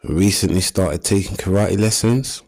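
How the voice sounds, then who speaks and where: A man with a very low voice and an East London accent, performing stand-up on a comedy stage. He talks in streetwise slang and acts out his stories with plenty of energy. A faint hiss sits under the recording. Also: normal speed. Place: comedy stage before a live audience.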